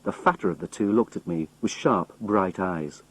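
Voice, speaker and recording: A man narrating a simplified novel in a plain, measured storytelling manner. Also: low voice, a bit bright, slightly rough, rough recording. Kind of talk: reading a simplified novel aloud.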